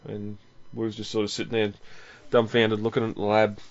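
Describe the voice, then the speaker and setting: A man with a fairly low voice talks through a film in a relaxed, rambling way, with lots of ums and a chuckle every few lines. He is the host of the show. The audio is dull and lo-fi. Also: moderate pace. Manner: rambling, chuckles often, many fillers. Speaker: podcast host. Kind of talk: casual film commentary.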